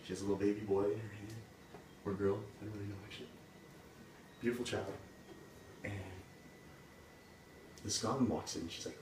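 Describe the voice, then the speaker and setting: A man with a low voice tells a fairy tale fairly fast, pausing often, in relaxed speech packed with "like" and "he's like." The recording comes from a distance in a roomy space with a constant hum of background noise.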